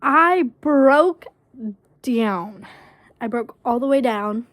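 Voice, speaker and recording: A woman's voice: high voice, expressive, fairly bright tone, no room sound. A woman casually telling a personal story, leaning heavily on fillers like "basically" and "um". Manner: halting, full of fillers like "basically" and "um". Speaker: storyteller vlogger.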